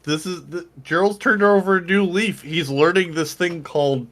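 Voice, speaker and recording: Bright-voiced hesitant male player. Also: high voice. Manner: hesitant, halting. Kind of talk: playing a tabletop game.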